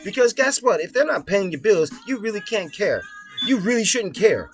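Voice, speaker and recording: In his own videos, a young man delivers a casual motivational talk that's rambling, blunt and full of profanity. His high voice swings widely in pitch at a moderate pace, over soft background music.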